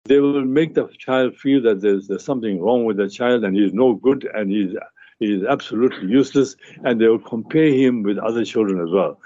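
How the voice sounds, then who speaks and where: A man's voice: on the low side, moderate pace, dark tone, dry recording. A man, a family physician, giving advice on a radio talk show in an earnest, explanatory way with frequent restarts and fillers. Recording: muffled radio broadcast.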